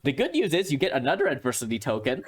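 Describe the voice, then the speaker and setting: A man's voice: mid-range voice, wildly swooping pitch, breathy edge. Chatty male game master. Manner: fast, chatty narration that slips into quick character voices. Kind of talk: narrating a tabletop game.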